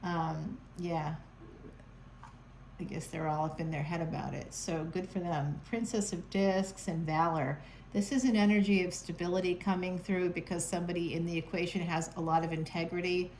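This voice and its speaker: A woman's voice: lowish voice, steady tone, normal speed, darkish tone, a little hiss or hum, poor audio. A woman giving a casual, chatty tarot reading from home, playful and sarcastic, laughing often. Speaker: tarot reader.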